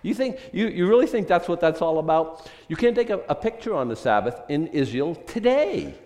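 A pastor preaching a casual, conversational sermon, full of rhetorical questions. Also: male voice, a little high, big pitch swings, brisk, darkish tone, in a large hall.

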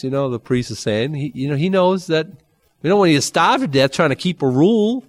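A man preaching a Bible-teaching sermon, conversational and animated, with dry humor and sudden jumps in pitch. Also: a little fast, no room sound. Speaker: pastor.

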